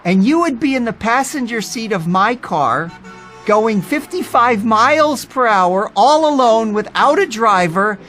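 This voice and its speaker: An insistent woman friend of the family presses her warning in a raised, emphatic voice, as a man acts her out. The voice sits well above his usual pitch and leans hard on each word. Faint music plays underneath. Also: fast, few pauses, bright, forceful tone. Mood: urgent warning.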